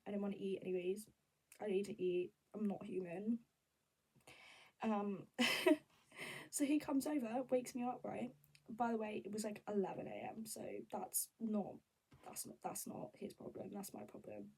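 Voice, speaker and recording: Breathy young woman chatting. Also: mid-range voice, moderate pace, pauses often, far from the mic, low-quality recording. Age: young adult. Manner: candid, rambling and animated. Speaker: vlogger. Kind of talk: casual chat.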